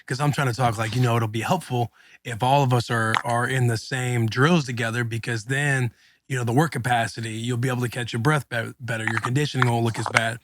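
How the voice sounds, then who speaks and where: A man co-hosting a podcast, telling a long story in a casual, slangy, animated way. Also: mid-range voice, noisy background. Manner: animated, slangy, quick retelling with acted quotes. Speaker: podcast co-host.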